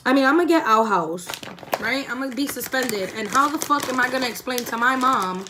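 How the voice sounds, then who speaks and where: A young woman vlogger with a high-pitched, brisk voice tells a profane storytime while doing her makeup indoors at home. She's animated and acts out the voices of the people in the story, with some background noise behind her.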